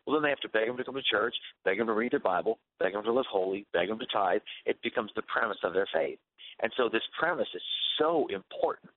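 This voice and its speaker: A man's voice: lowish voice, lively intonation, quick pace, slight background noise. A man speaking as a guest on a Christian radio talk show, earnest and preachy, often repeating words as he restarts. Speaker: guest author on Christian faith. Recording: narrow phone-like radio sound.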